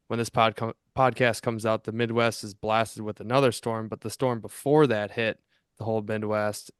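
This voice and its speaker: Smooth low-voiced man telling stories. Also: fairly bright tone, no room sound, studio quality. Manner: rambling storyteller, restarts and fillers. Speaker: podcast co-host. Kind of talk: casual fishing podcast chat.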